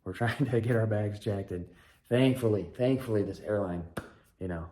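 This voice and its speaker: A man in his thirties with a somewhat low voice recounts a story in a loose, candid monologue. He rambles and restarts now and then, and adds a dry, self-mocking humor. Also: normal speed, warm tone. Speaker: podcast host, father.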